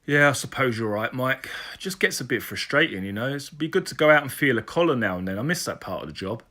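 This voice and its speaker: A man's voice: mid-range voice, lively intonation, fast talker, pushed and bright. A man voicing a frustrated detective who asks earnest, questioning lines. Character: frustrated male detective, thoughtful and restless.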